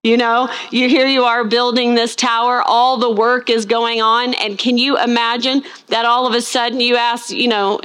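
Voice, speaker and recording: A woman preaching with a voice pitched a little above most women's. She leans hard on key words and keeps asking the congregation questions, pausing for them to answer before she presses on. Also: flat delivery, fairly bright tone, clear, resonant tone. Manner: asks the congregation rhetorical questions; acts out scenes in funny voices. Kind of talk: sermon.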